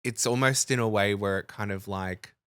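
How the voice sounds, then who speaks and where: A woman's voice: rumbling low, moderate pace, fairly bright tone, clear, resonant tone, no echo, studio quality. A woman co-hosting a podcast in casual chat, throwing in blunt, opinionated asides and short agreements. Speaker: podcast co-host.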